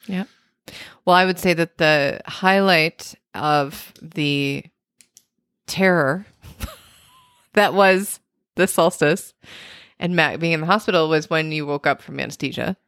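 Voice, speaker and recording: A woman co-hosting a casual podcast, chatting playfully and breaking into laughter often. Her voice sits on the low side, recorded dry and close with no room sound. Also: slow, pauses often, fairly bright tone, clear, resonant tone, no echo. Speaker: podcast co-host. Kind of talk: casual chat.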